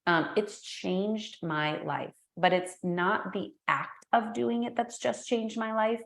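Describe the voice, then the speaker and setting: A middle-aged woman, a guest entrepreneur and speaker, talking in an energetic, animated way and acting out the voices in her stories. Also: mid-range voice, takes it slowly, creaky. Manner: energetic, animated storyteller who acts out quotes. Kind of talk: casual interview chat. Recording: echoey room.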